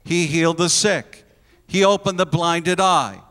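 A man's voice: fairly high pitch, a little slow, fairly bright tone, long reverb tail. A pastor preaching a sermon to his congregation, earnest and emphatic, leaning on repeated phrases.

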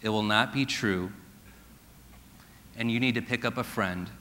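A male pastor giving an earnest sermon in a church and slowing to a hush for key points. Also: lowish voice. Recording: long hall reverb.

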